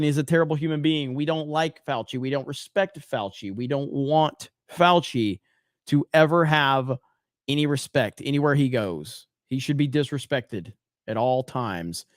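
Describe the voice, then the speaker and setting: Excitable, foul-mouthed man hosting a livestream. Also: measured pace, no echo, clean studio sound. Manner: excitable and profane, swings between loud outbursts and low mutters. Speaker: livestream host. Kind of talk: casual livestream commentary reading chat.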